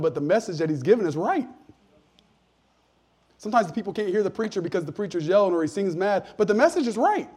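A man delivers a sermon in a slightly higher voice than most men. He talks conversationally, dropping into quiet asides before building up to forceful, emphatic points. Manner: conversational preaching, drops to soft asides and rises to emphatic points. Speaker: pastor.

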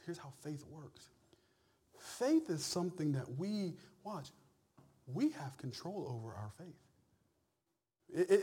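A man preaching a sermon, swinging between loud, drawn-out cries and hushed whispers. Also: fairly high pitch.

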